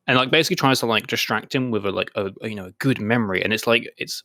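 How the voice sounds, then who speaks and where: A man co-hosts an anime podcast in loose, casual chat, leaning heavily on "like" and retelling scenes in quoted voices. His voice is a little low yet bright and forward. The recording is dry and close, with no echo.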